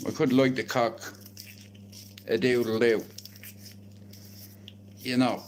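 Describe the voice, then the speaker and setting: A man's voice: mid-range voice, level tone, slow pace, a little hiss or hum. An Irish man in his young adult years, talking bluntly and emotionally, with plenty of swearing, on a rambling live stream from a garden shed.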